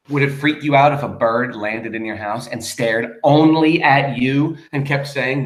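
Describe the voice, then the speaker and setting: A man teaching a poetry lesson, talking through lines in a loose, conversational way with a few restarts. His medium-pitched voice echoes in the room around him. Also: moderate pace. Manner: casual, conversational explanations with restarts. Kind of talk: lesson on a poem, reading aloud and explaining.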